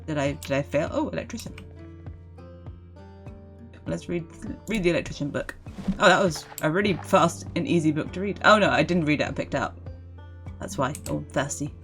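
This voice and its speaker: A woman's voice: sits low, normal speed, pauses often, fairly bright tone, soft background music. A woman streamer giving casual, giggly commentary while playing a game, chatting to the enemies on screen. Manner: giggly, chatty, talks to zombies.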